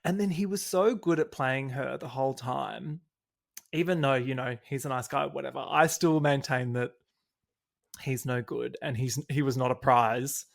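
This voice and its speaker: An Australian man hosting a podcast, bubbly and energetic and quick to laugh in casual chat. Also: mid-range voice, creaky. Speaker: podcast host. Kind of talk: casual chat recapping a reality show.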